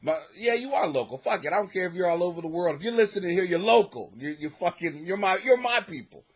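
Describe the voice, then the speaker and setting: A man from the United States talks in a high, very lively voice, hosting his own comedy podcast from a home basement. He rambles and swears freely, dropping to quiet mutters and then rising to near-shouts. He laughs often as he talks. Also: fast talker, slightly rough. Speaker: podcast host, struggling comic. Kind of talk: casual comic monologue.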